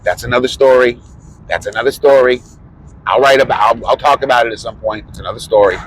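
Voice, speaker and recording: A man's voice: mid-range voice, quick pace, a little hiss or hum, low-quality recording. Rambling, profane man telling stories. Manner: rambling, profane, laughs often. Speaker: vlogger. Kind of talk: casual storytelling.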